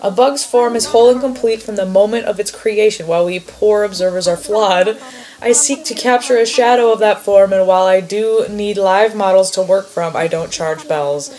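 A woman's voice: mid-range voice, normal speed, warm tone, lightly acted. A woman reading aloud the lines of a dreamy male artist obsessed with bugs, in an earnest, wistful, poetic way. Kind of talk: reading game dialogue aloud.

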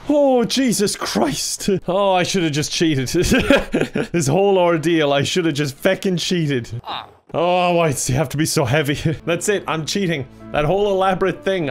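A young man with an Irish accent doing animated let's play commentary, joking, swearing and laughing as he plays. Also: medium pitch. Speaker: gaming YouTuber.

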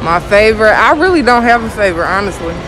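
A woman answering a street interview outdoors at a mall, relaxed and thoughtful. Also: medium pitch, fast talker, background noise. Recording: loud music and crowd behind.

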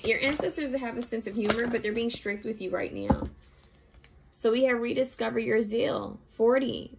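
A woman talks her viewers through a tarot card reading in an easy, chatty way. She gives spiritual advice earnestly, and her mid-range voice has a gravelly fry. A faint hiss sits under the recording. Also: medium pitch, low-quality recording. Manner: chatty, addresses viewers as "you guys".

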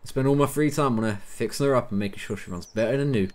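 A man's voice: mid-range voice, fast talker, lightly acted. A man doing a laid-back mechanic with a fake American drawl. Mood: easygoing. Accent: put-on American. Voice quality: casual drawl, calls everyone man. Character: laid-back male small-town mechanic, friendly.

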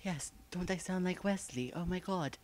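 A man co-hosting a fan series commentary chats casually, joking, teasing, and rambling with lots of filler words and many "like"s. His voice is high and somewhat mellow, at a normal pace.

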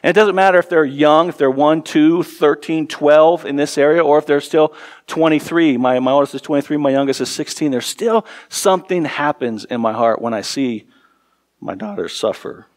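Preaching at a moderate pace, a pastor in his forties delivers an earnest sermon, repeating words for emphasis and lowering his voice to a soft hush in the tender parts.

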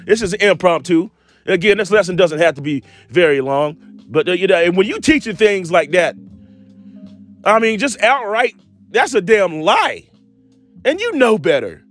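A man preaching an impromptu scripture lesson, reading verses slowly and mixing in street slang and blunt asides. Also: high-pitched, very animated, a bit bright, faint music behind. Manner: preaching, reads scripture slowly and drawls key words; street slang, repeats himself, laughs at his own jabs.

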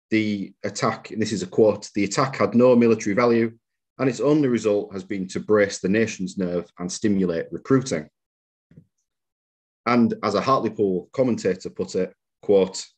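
Man, history lecture, husky, lowish voice, measured delivery. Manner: measured, reads out quotations, occasional fillers. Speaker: museum lecturer. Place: lecture room.

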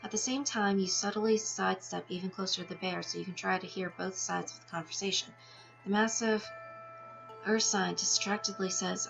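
A woman's voice: medium pitch, steady tone, normal speed, creaky, a bit bright. A woman reading a text game aloud with her own asides, now and then tripping over words and laughing at herself. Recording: dull lo-fi sound with music behind.

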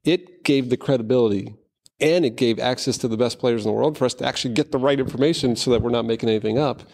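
Man, quick and gravelly, animated storyteller acting out quotes, casual interview guest. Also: medium pitch. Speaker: guest, golf fitness founder.

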